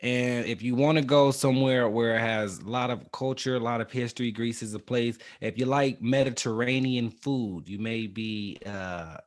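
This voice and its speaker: A man's voice: medium pitch, moderate pace, hardly any pauses. Laid-back man hosting a travel chat. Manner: laid-back, affirming, colloquial. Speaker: podcast host. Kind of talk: casual interview chat.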